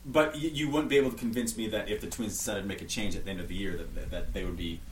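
A man from Minnesota, a guest on a podcast, talking quickly and rambling in casual chat. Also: lowish voice, steady tone, slight background noise, low-quality recording. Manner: quick, rambling talk about baseball.

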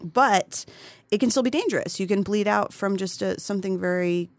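A woman's voice: medium pitch, moderate pace, dry recording. A woman chatting casually, candid and profane, rambling with frequent restarts. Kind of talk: casual conversational chat.

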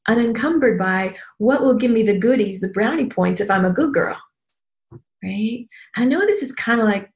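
Candid, emphatic middle-aged woman speaker. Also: medium pitch. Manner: candid and emphatic, swears freely, shifts into quoted voices. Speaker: speaker addressing an audience. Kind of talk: motivational talk.

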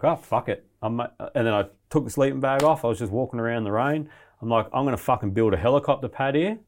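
A man telling a survival story in casual, rambling, heavily profane talk. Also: fairly low pitch. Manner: profane, rambling, animated retelling.

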